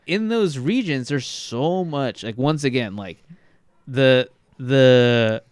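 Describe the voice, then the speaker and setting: A man's voice: mid-range voice, expressive, takes it slowly, clean tone, dry recording. A man from Texas, co-hosting a podcast, chatting casually and rambling with many fillers and restarts. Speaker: podcast co-host. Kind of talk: casual chat.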